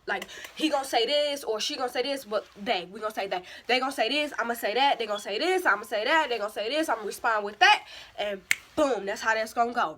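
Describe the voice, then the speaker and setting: Young woman vlogger, slightly high and very bright voice, chatty, slangy storytelling that mocks herself. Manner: animated, slangy, self-mocking. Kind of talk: casual storytelling.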